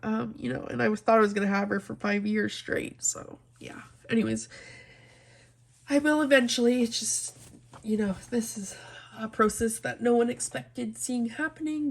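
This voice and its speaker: A young woman with a somewhat high, gravelly voice chats casually to her viewers while she colors. She rambles in an open, heartfelt way, addressing them directly. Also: normal speed. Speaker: coloring channel host.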